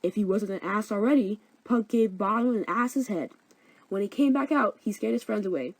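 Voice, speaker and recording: A woman's voice: medium pitch, moderate pace, no room sound, rough recording. A young woman narrating a comedic story summary in a flippant, slangy way.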